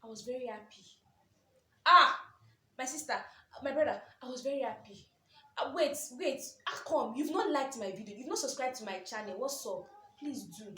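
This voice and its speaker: A woman's voice: high-pitched, normal speed, roomy sound. A young Nigerian woman in her twenties telling an emotional personal story in a vlog, with lots of repetition. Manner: emotional, animated storytelling with repeated phrases. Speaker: vlogger.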